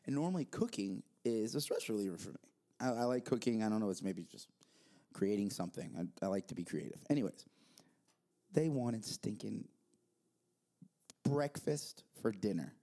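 Animated storytelling worship leader man. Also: on the low side, normal speed, long pauses. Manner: animated storyteller, jokey, laughs at himself. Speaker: worship leader and youth director. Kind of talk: casual church podcast chat.

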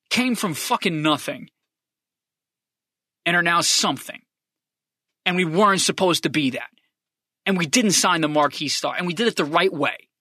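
A man's voice: fairly high pitch, normal speed, no room sound, studio quality. A man hosting a podcast, delivering a profane, fired-up sports fan rant with lots of repeated emphasis. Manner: lively swings between loud and hushed. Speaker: podcast host.

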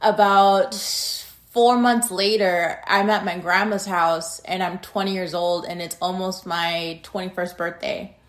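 A woman's voice: on the low side, steady tone, slow pace. A woman in her thirties recounts her own story straight to her listeners. She talks casually and bluntly, with plenty of "um" and "like" along the way. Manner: candid, casual and blunt, with frequent "um" and "like". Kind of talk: personal storytelling.

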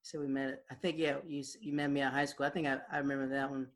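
A young man casually reminiscing with an old friend, animated, acting out quoted voices and laughing often. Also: mid-range voice, quick pace. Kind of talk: casual storytelling chat.

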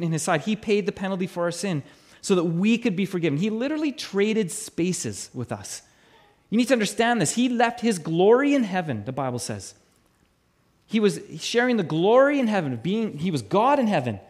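Emphatic high-voiced man preaching. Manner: emphatic, repeats key phrases, voice swells and drops low for weight; frequent restarts and stammered repeats. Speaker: pastor. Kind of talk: sermon.

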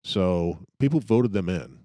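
Man, very low voice, emphatic, casual political chat, dry sound. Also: lively intonation, unhurried, mellow, no room sound. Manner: emphatic, swears. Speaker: podcast co-host.

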